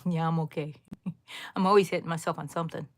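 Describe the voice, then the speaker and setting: A woman's voice: deep voice, steady tone, normal speed, darkish tone. Chatty middle-aged woman hosting a crochet stream. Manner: chatty, reads viewer comments aloud, laughs often. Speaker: crochet livestream host. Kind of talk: casual live-stream chat.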